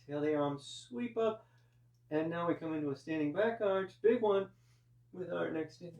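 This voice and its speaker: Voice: mid-range voice, normal speed, a little mellow, distant mic, lo-fi sound. A yoga teacher guiding a live class through breath and poses, with chatty asides. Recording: roomy, voice from off-mic.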